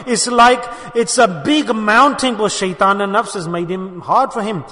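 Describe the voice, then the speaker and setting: A man preaching a sermon, animated and scolding, acting out other people's replies. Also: high voice, moderate pace, few pauses. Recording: reverberant hall.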